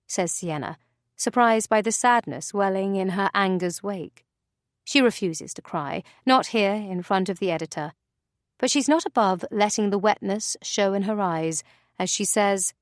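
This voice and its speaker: A woman narrating an audiobook in an expressive, measured way. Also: medium pitch, dry recording, studio quality.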